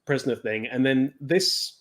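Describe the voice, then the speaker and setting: A man's voice: mid-range voice, normal speed. British male stream co-host, casual recap chatter, mid-range voice. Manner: chatty, laughs often, loose restarts.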